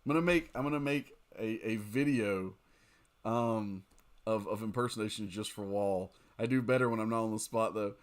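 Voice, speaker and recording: A tired young man chatting casually while streaming a game late at night, rambling, giggling and reacting loudly to the game. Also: medium pitch, animated, normal speed.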